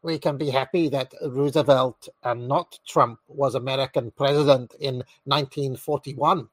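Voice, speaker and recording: A man voicing an indignant male European politician in a made-up generic foreign accent, declaiming slowly. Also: mid-range voice, fairly even intonation, no echo, lightly acted.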